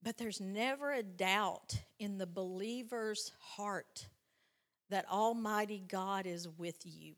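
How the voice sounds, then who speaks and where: A woman speaks to a church congregation at an ordinary pitch. She urges and pleads with her listeners. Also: takes it slowly. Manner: urging, pleading. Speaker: church member sharing. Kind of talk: exhortation.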